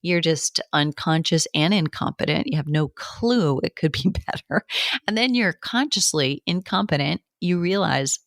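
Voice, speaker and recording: A woman's voice: deep voice, expressive, moderate pace, no echo, studio quality. A woman who hosts a fitness business podcast, giving casual advice in a conversational way with restarts and short laughs.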